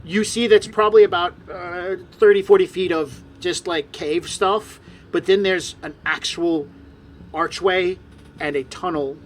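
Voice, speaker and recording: Fairly high-voiced male game master. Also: steady tone, a little slow, slight background noise. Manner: descriptive, with frequent fillers. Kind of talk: narrating a tabletop game.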